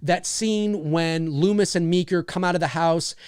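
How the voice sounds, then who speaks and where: A man's voice: on the high side, normal speed, clean tone, no room sound, studio quality. A man hosting a casual livestream, animatedly talking through film scenes he made. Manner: animated, acts out scenes as he explains.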